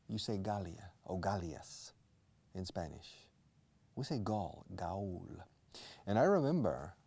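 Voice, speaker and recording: A low, gravelly male voice with a mellow, dark tone. He teaches English in an unhurried, chatty way. He repeats key words and keeps asking his learners questions. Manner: explains slowly, repeats words, switches to Spanish for learners. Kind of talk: casual language lesson.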